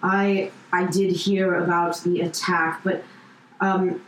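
A woman runs a tabletop game at an unhurried pace, her talk full of fillers and restarts. She sounds like she is in a roomy, echoing space with a faint background hum. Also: on the low side, flat delivery. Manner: hesitant, many fillers and restarts. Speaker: dungeon master.

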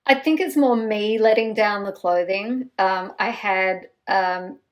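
A woman speaks as a podcast guest, mid-pitched, telling a tale at her own expense. Her delivery is lively and self-mocking, full of asides. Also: takes it slowly. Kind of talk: animated anecdote-telling.

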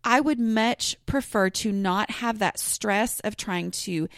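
A woman's voice: medium pitch, slow, no echo, clean studio sound. Chatty woman podcaster. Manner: chatty, rambling, frequent fillers and restarts. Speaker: podcast host. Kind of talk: casual solo podcast talk.

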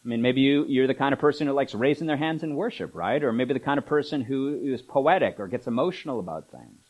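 A man delivers a sermon from the pulpit of a church. His voice sits at a middle pitch, and he speaks in a relaxed, conversational way, with frequent asides and small fillers. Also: fast talker, poor audio. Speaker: pastor.

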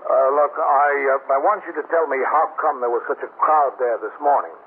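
An actor playing a calm, patient police captain questioning witnesses in a 1950s radio drama, measured and steady. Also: male voice, mid-range voice, natural voice. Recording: tinny, hissy old radio broadcast.

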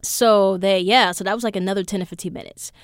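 A young adult woman hosting a podcast, telling stories in a casual monologue that is animated and full of swearing. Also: medium pitch, fast, no room sound, studio quality. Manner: profane, animated storyteller. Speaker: podcast host.

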